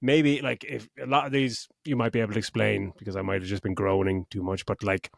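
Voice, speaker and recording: A man's voice: fairly low pitch, little pitch movement, fairly quick, gravelly, no echo, clean studio sound. A man co-hosting a film review podcast, ranting in exasperation and swearing with laughs. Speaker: podcast co-host. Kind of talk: casual film review chat.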